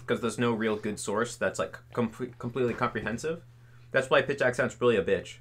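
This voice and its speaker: A man's voice: mid-range voice, moderate pace, background noise. A young man chatting casually on a livestream, answering viewer questions in loose talk full of fillers and "like"s. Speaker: streamer answering chat questions.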